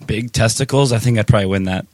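A man's voice: lowish voice, quick pace, darkish tone, no room sound. A man in a backstage dressing room trading crude, self-mocking jokes in casual banter. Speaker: band member in a backstage chat.

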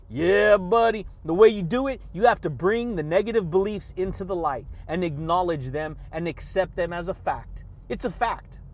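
A man hosting a motivational podcast monologue, hyped and energetic, laughing often and shouting catchphrases. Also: high-pitched, moderate pace, hardly any pauses. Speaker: podcast host.

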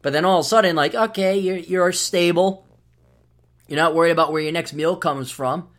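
A man's voice: on the high side, normal speed, a bit bright. A middle-aged man hosting a podcast, talking in a rambling, sardonic solo monologue with frequent restarts. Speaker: podcast host.

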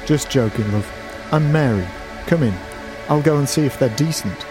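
A man doing a cheeky young woman with a deep northern voice. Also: moderate pace, music in the background, close to an everyday voice. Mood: teasing. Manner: teasing, brash.

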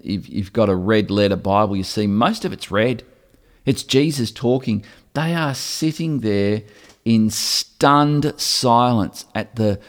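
A man preaching a sermon, earnest and repeating phrases for emphasis, often stammering over a word before going on. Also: on the low side. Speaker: pastor. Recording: long reverb of a large hall.

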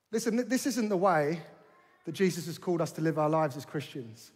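Male preacher, high register, passionate and repetitive. Long hall reverb. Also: brisk, husky. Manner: impassioned, rising to forceful rhetorical questions; repeats phrases for emphasis. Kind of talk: sermon.

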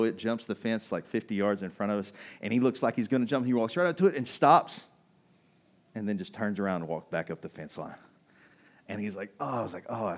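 A man preaching a sermon in a relaxed, conversational way, telling a personal story and turning to ask his congregation questions. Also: fairly low pitch. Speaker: pastor. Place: restaurant used as a church hall.

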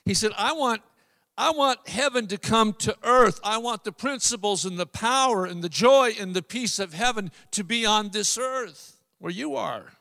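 A man with a high voice preaches a sermon with emphatic, drawn-out phrasing, repeating key lines. His voice rings with a long reverb, as in a large hall. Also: fairly bright tone. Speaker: pastor.

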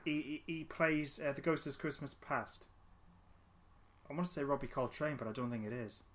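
A man's voice: mid-range voice, moderate pace, a bit bright. A man chatting casually as a podcast co-host, rambling with many restarts and fillers. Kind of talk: casual chat.

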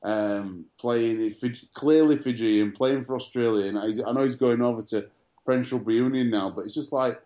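A man's voice: medium pitch, normal speed, dark tone. A man co-hosting a casual sports chat show, telling stories full of fillers and restarts. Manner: chatty storyteller, many fillers and restarts. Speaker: podcast co-host.

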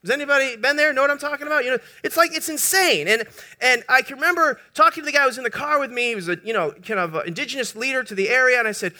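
Bright high-voiced pastor preaching. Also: male voice, racing. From United States. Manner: animated, jokes with the congregation. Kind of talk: sermon.

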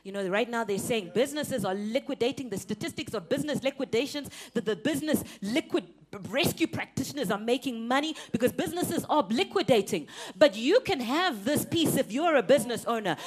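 A young woman preaching a sermon, animated and emphatic, laughing often and repeating words for effect. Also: fairly high pitch, a little fast, hardly any pauses, breathy edge.

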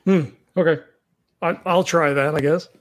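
High-voiced man playing a tabletop game. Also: fairly even intonation, moderate pace, noisy background. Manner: casual, hesitant questions. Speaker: player. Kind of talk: casual tabletop play.

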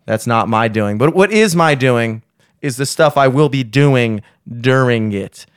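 A man's voice: medium pitch, lively intonation, a little slow, clear, resonant tone, dry recording, clean studio sound. A young man, a podcast host plugging his gigs in profane, joking, rambling banter. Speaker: podcast host and gigging musician.

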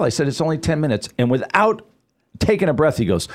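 A middle-aged man, a guest on a radio talk show, telling stories in a casual, animated way and acting out the people he quotes. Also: on the high side, fast. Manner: animated storyteller, acts out quoted voices. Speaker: guest, financial advisor.

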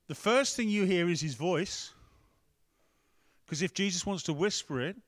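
A man's voice: high-pitched, a little slow, a bit bright. A man preaching a conversational sermon, breaking off to ask the room and the tech team for help. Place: church hall with a screen.

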